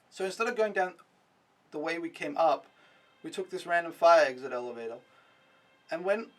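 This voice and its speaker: A man's voice: fairly high pitch, recorded from a distance. A young man vlogging a casual, rambling recap, mocking himself and swearing freely.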